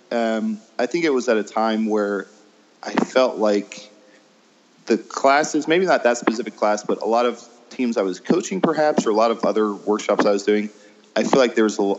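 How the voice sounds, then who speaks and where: A man, an improv teacher chatting as an interview guest, hesitant with many ums and laughing at himself. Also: mid-range voice. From American Midwest. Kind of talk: casual interview chat. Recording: dull lo-fi sound.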